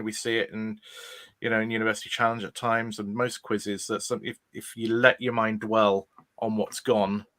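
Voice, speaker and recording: A man's voice: lowish voice, bright, forceful tone. A man hosting a quiz podcast, chatting casually and thinking aloud with a reflective manner. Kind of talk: casual chat.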